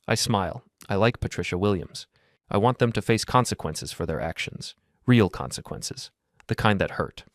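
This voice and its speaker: A man narrating a first-person story in a calm, measured, coolly detached way. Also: lowish voice, no echo, studio quality.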